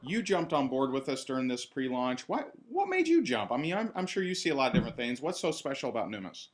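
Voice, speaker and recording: A man hosting a sales presentation on a call, talking in an upbeat, enthusiastic pitching manner. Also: big pitch swings, fast. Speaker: host.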